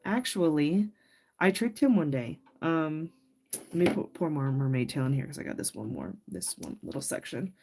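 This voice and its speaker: A woman's voice: low-pitched, big pitch swings, normal speed, dark tone, slight background noise. A woman hosting a crafting livestream, chatting and laughing as she works and answers viewers by name. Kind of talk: casual crafting livestream chat.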